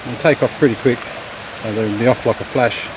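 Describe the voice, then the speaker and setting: A man giving relaxed, low-key commentary to the camera as he walks a garden trail beside a stream. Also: moderate pace. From Australia. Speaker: vlogger. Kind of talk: casual walking commentary. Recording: outdoor noise, running stream behind.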